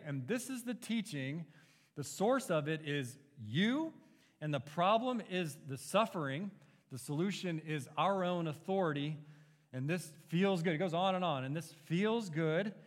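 Guy preaching a bible sermon, kinda high voice, earnest, lots of rhetorical questions, reverby. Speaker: pastor. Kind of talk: expository sermon.

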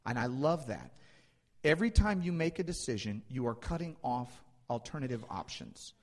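A man preaches a sermon in a mid-range voice, rising to loud emphatic peaks and dropping to hushed asides. His voice rings out with the long reverb of a large hall. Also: mid-range voice, expressive, moderate pace. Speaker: pastor.

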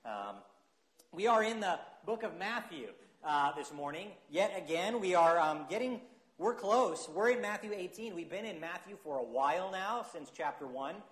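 A male pastor preaches a sermon, reading scripture and praying. His voice sits fairly high, and he talks in an earnest, unhurried way with hesitant fillers. The sound is echoey, as in a church sanctuary. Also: lively intonation, fairly bright tone.

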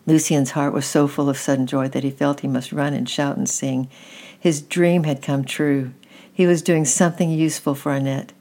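Woman, very low voice, gentle, reading aloud, children's story. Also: steady tone, moderate pace.

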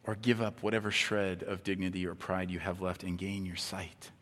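Pastor guy preaching hard, bright forceful voice, going hushed then almost yelling, big echoey church. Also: deep voice, little pitch movement, normal speed. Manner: impassioned, swings from hushed to near-shouting. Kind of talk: sermon. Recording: long hall reverb.

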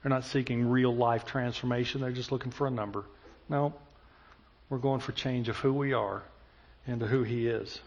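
A man's voice: medium pitch, fairly even intonation, normal speed, darkish tone, highs cut off. A man preaching a sermon as pastor, telling stories and building to impassioned emphasis.

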